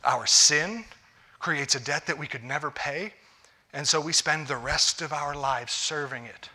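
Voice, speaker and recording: A man's voice: a little high, unhurried, bright, forceful tone. A man, a pastor, preaching a conversational sermon to a congregation, often restarting his phrases.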